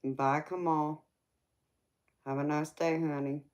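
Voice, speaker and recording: A woman's voice: sits low, little pitch movement, slow pace, a little mellow. A woman with a Southern US accent, a tarot reader hosting a casual livestream chat, teasing viewers and calling them baby.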